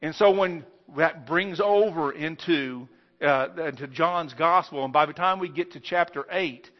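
A male preacher with a high voice delivers an emphatic sermon, pushing some phrases out loud and slow, then dropping others low and quiet. The recording is dull and lo-fi, like a plain church capture. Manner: emphatic preaching with wide swings in loudness and slow stressed phrases. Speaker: pastor.

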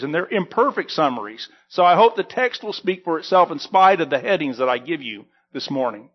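A high-voiced man preaches a sermon as a pastor, reading scripture and then teaching from it. His delivery swells into emphatic repetitions and sinks to hushed, quiet endings. The recording sounds dull and lo-fi.

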